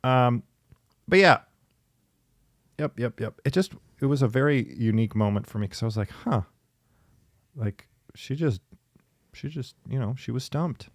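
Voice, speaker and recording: A man in casual conversation, telling stories in a chatty, lively way with laughing asides. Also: medium pitch, normal speed, no room sound. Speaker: podcast guest in therapy talk. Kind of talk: casual storytelling.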